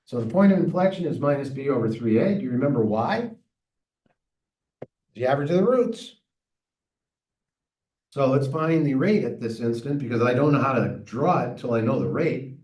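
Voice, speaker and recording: A man teaching a math lesson, thinking aloud and chatting with himself as he works each problem. His voice is dark and mellow and sits a way back from the mic, in a roomy, echoey space. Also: mid-range voice, expressive, normal speed, long pauses. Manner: thinking aloud, chatty and self-talking while solving. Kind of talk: recorded classroom lecture working problems. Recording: echoey room, mic far off.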